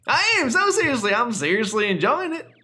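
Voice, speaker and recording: A man voicing a cheerful, carefree young boy trainer from a video game in a high, bouncy voice. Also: big pitch swings, a little fast, bright, forceful tone, heavily acted.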